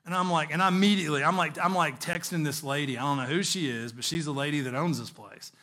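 A man preaching a sermon, telling a personal story in an animated way with chuckles, then slowing into earnest exhortation. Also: a little high. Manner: earnest, slowing on key words when exhorting.

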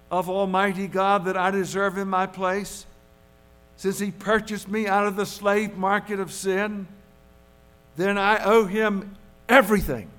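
A male pastor preaching a sermon in an earnest, measured way, driving points home with repetition. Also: high-pitched, fairly bright tone, smooth.

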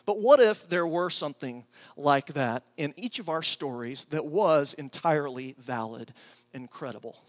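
A middle-aged man preaching a sermon, telling a story with animated, excitable energy and a soft, slow voice when he prays. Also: fairly high pitch. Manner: animated storytelling, acts out his own excited voice; prays softly and slowly. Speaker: pastor.

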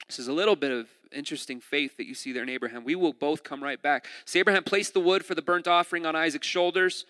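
A man preaching a sermon in a lively, conversational way, retelling a scripture story with asides and jokes. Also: on the high side, racing, smooth. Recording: long hall reverb.

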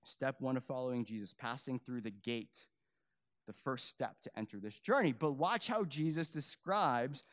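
A young adult man preaching a sermon, swinging from loud emphatic peaks to quiet, low, earnest stretches, with casual asides to the congregation. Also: lively intonation, moderate pace. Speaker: pastor.

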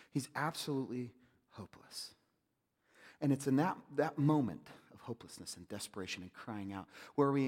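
A male pastor preaching a sermon, swinging from loud urging to hushed near-whispers. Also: mid-range voice, slightly rough, in a large hall.

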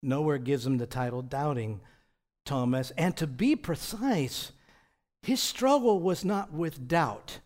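Slow and a little mellow, this male pastor speaks at a fairly high pitch with lively intonation. His conversational sermon is full of rhetorical questions he answers himself, repeated words, and chuckles between points.

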